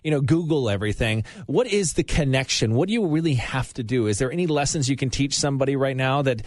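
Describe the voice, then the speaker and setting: A man's voice: medium pitch, animated, no echo. Upbeat man hosting a radio talk show. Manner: upbeat, rambling questions, quick wrap-ups.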